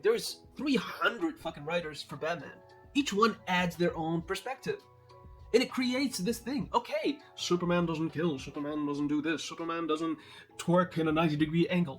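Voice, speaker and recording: Man reviewing a film, high voice, swears a lot, slangy rant, faint music behind. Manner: profane, animated, laughs at own jokes, slangy. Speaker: movie reviewer. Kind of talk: casual ranting commentary.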